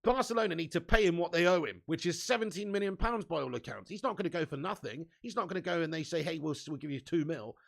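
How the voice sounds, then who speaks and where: A man's voice: high-pitched, lively intonation, fast talker, gravelly, few pauses. A man hosting a casual fan live stream, chatty and laughing often, swearing freely and reading viewer comments aloud.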